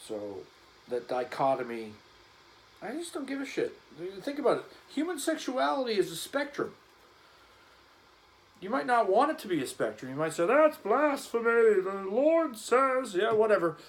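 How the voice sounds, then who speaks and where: A man's voice: high-pitched, huge pitch swings, normal speed, pauses often, slight background noise, low-quality recording. A man vlogging casually as he cleans a gun, rambling and joking in an offhand way.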